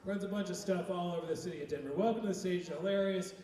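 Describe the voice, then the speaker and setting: A man hosting a live comedy show, loudly hyping up the crowd and introducing the next act. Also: sits high, racing. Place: comedy club stage. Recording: echoey hall, far mic, crowd noise.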